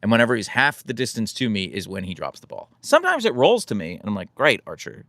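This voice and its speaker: A relaxed American man chatting with his live audience, rambling and poking fun at himself. His low voice carries a gravelly fry and swings up and down a lot as he talks. The sound is close and dry, with no room around it. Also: fast, dry recording. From United States. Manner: relaxed, rambling, self-deprecating. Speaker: livestream host answering chat. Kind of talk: casual live chat.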